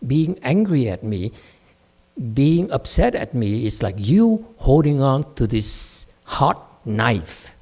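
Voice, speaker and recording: A man's voice: medium pitch, very animated, slow pace, darkish tone. A man giving a Buddhist dharma talk at a temple, blunt and scolding, mocking his students' whining. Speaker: meditation teacher.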